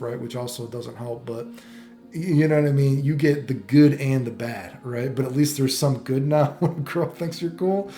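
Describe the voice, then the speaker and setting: A man's voice: mid-range voice, dark tone. Rambling, profane man in an echoey room. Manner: rambling, profane, many fillers and restarts. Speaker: vlogger. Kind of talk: casual rambling commentary.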